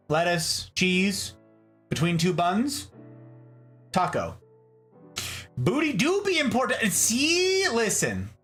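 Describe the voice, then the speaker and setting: A man from Nevada chatting casually on a livestream as he reads his chat, joking and swinging between high and low voices. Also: fairly bright tone. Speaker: streamer reading chat.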